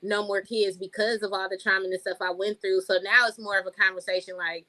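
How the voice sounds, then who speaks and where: Animated woman on a podcast, bright voice, dry close sound. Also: mid-range voice, brisk, few pauses, no room sound, rough recording. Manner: animated, acts out quotes in voices. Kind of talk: casual chat.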